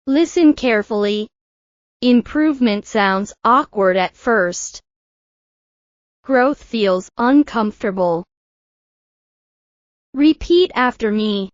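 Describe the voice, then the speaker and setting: A woman English teacher leads a calm speaking drill, her instructions measured and soothing. She speaks extremely slowly in a slightly high voice. The sound is dry and a little dull, like a lo-fi recording. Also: no echo.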